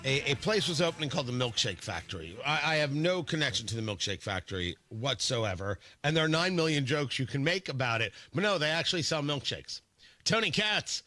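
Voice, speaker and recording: A man's voice: mid-range voice, sing-song, brisk, sharp tone. Wry, stammering male radio host. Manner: wry, rambling, many stammered restarts. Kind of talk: casual morning radio talk. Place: radio studio.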